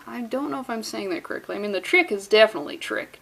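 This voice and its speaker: A woman's voice: on the high side, very animated, brisk, few pauses, slight background noise. A woman reading a comic aloud and mocking it, with a sarcastic, profane, riffing manner. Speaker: comic reviewer. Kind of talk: comedic comic-book reading.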